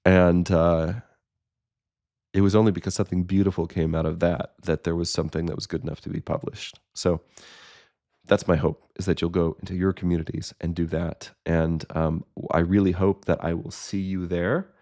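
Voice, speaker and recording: A man's voice: deep voice, level tone, moderate pace, mellow. A man who teaches courses, talking casually and earnestly to his viewers, rambling with many fillers and restarts, from his own recording studio. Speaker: course instructor. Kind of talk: casual solo talk to viewers.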